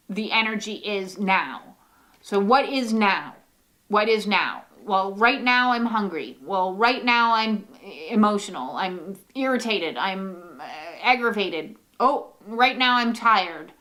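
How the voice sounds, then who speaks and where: A woman's voice: mid-range voice, expressive, slow pace, bright, forceful tone. A woman giving a casual, rambling oracle card reading, full of fillers and the odd swear word.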